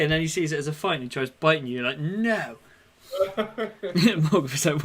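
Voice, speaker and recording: A young man co-hosting a casual podcast, telling animated stories and acting out the lines he quotes. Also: a little high, a little fast. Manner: animated storyteller, acts out quotes. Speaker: podcast co-host. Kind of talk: casual chat.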